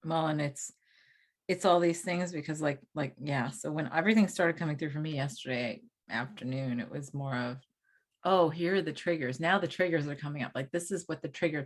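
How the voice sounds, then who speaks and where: A woman's voice: low-pitched, a bit bright. A middle-aged woman co-hosting a spiritual podcast, talking casually and musing aloud with many restarts. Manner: rambling, restarts thoughts, muses aloud. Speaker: podcast co-host and coach.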